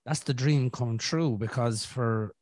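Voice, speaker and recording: A man's voice: medium pitch, a little slow, a little mellow, no room sound, studio quality. A man hosting a podcast, telling his own story in a candid, casual way and swearing often. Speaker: podcast host. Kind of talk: casual conversation.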